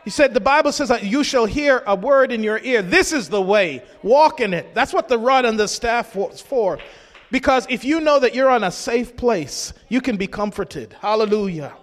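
A man with a high voice preaches a sermon in a church hall. He swings from steady teaching up into shouted calls for the congregation to join in. A long reverb trails behind every phrase. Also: moderate pace. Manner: rises into shouts to urge the congregation.

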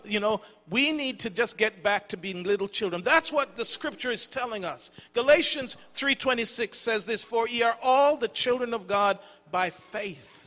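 A man's voice: very high-pitched, pushed and bright, long reverb tail. A middle-aged man preaching a sermon as pastor, telling folksy stories with casual asides. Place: church sanctuary.

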